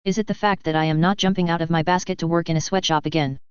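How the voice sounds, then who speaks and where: A woman's voice: lowish voice, fairly even intonation, racing, clear, resonant tone, no echo, lo-fi sound, close to an everyday voice. A woman voicing a cheerful, bluntly refusing young female snake-like alien in a sci-fi story. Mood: cheerfully blunt. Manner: polite but bluntly refusing.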